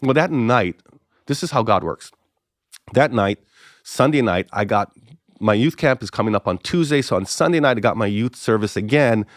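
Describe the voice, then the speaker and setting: A middle-aged man from the Big Island of Hawaii, a pastor telling stories as a podcast guest, acting out conversations with big jumps in pitch. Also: expressive, moderate pace, dry recording, clean studio sound. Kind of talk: casual storytelling interview.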